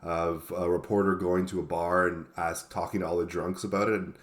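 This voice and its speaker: A man co-hosting a casual chat, easygoing and quick to laugh. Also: deep voice, flat delivery. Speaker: co-host.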